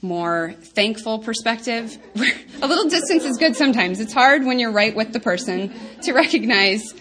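A woman's voice: on the high side, expressive, normal speed, a bit bright. Woman, thirties, talk to a women's group, earnest, chatty, fond of ums and asides. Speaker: women's ministry speaker.

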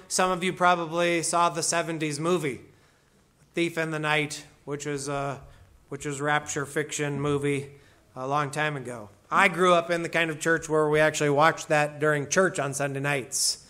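A man delivers a sermon in a high, bright voice. He explains each point with emphasis and slips into casual asides. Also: clean tone. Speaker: pastor.

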